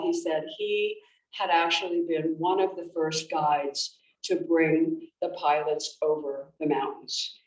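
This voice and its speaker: Woman author telling stories to an audience, low-ish voice, far from the mic. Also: darkish tone. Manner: storytelling, with frequent restarts and fillers. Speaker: author giving a library talk. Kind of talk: conversational presentation. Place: library event room. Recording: roomy, distant, faint background noise.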